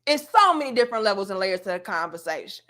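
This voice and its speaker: A woman's voice: mid-range voice, very animated, quick pace, bright, forceful tone. A woman giving an opinionated commentary rant, blunt and sassy, full of slang and lecturing. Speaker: commentary vlogger.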